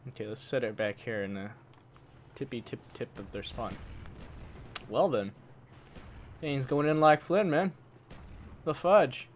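Unhurried and pausing often, a man with a mid-range voice hosts a gaming channel, with slight background noise audible. He plays a shooter live and comments casually, grumbling at opponents in frustration, talking to the enemies, and using mild stand-ins instead of swearing.

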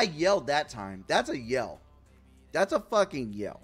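Male streamer, casual chat with his audience, animated and crude, joking with viewers. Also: fairly high pitch, normal speed, soft background music. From Puerto Rico. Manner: loud, profane and playful, reacting to chat.

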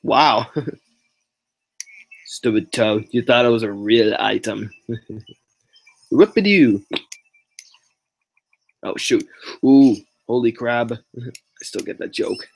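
A man's voice: medium pitch, fairly even intonation, takes it slowly, gravelly, long pauses. A man giving casual running commentary while playing a racing game on a livestream, reacting with exclamations and short laughs. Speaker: gameplay livestreamer.

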